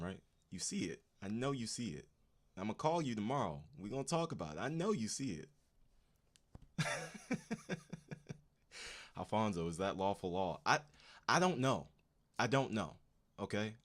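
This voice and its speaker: A man with a very low voice hosts a casual livestream and chats directly with his viewers. He talks loosely, in slang, with plenty of "you know what I'm saying" asides. Keep it conversational and personal. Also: a bit bright. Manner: laid-back slang, talks straight to chat. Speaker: livestream host.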